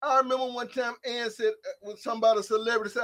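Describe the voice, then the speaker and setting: High-pitched shouting male preacher. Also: steady tone, fast talker. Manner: shouting emphatic lines, swinging between loud and hushed; calls out to listeners by name. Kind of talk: sermon.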